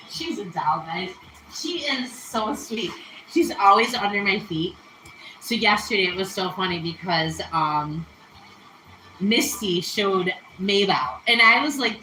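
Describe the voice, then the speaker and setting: Talking a little slowly against a noisy background, a cooking show host with an expressive mid-range voice runs a relaxed home cooking stream. Her kitchen echoes, and she is chatty and giggly, laughing frequently.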